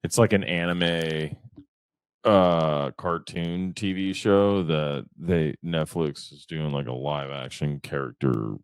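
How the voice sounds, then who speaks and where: A man's voice: extremely low pitch, takes it slowly, clear, resonant tone, no room sound. A man co-hosting a podcast in casual chat, laid-back and teasing, laughing often. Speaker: podcast co-host.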